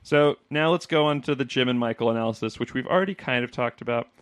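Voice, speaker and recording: A man co-hosting a casual chat podcast, chatty and quick to laugh, acting out lines as he talks. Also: medium pitch, no room sound, clean studio sound. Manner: chatty, laughs often, acts out quotes. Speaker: podcast co-host.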